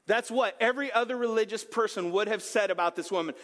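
A man preaching a sermon in an animated, conversational storytelling manner with jokes mixed in. His voice sits high, and long reverb from a church hall trails his words. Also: quick pace, few pauses. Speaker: pastor.

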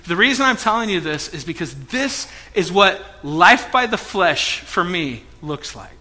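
A pastor stands before his congregation and tells a story in lively sermon fashion, acting out every quote. His voice sits high for a man and sounds very bright and sharp. He drops to near hushed tones, then bursts out loud again. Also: measured pace. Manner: animated storytelling, acts out quotes, swings loud and soft. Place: church hall before a congregation.

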